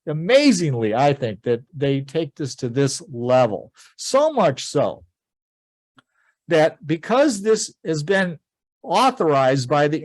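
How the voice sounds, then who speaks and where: A man teaching a history class, telling events as a lively story and quoting people in a casual voice. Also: on the high side, dry recording. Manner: animated storytelling, quoting figures in plain conversational voice. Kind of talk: informal history lecture.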